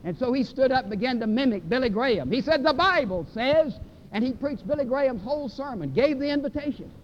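High-voiced preacher, emphatic. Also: male voice, a little mellow. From Mississippi, USA. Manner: emphatic, stretches key words, repeats phrases for effect. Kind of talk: sermon. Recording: dull lo-fi recording with faint rumble.

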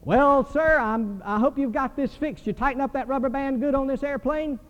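A man's voice: very high-pitched, normal speed, fairly bright tone, voice pushed up. A man preaching plays a joking male airline passenger, a teasing cut-up with a raised voice. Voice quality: cheeky, teasing. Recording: dull recording with long hall reverb.

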